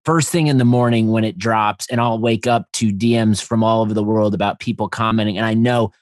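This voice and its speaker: A low-voiced man hosts a podcast and enthusiastically praises his guest's view before moving on to casual questions. His voice sounds dry and close. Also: steady tone, brisk, no echo. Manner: enthusiastic, affirming interviewer. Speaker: podcast host.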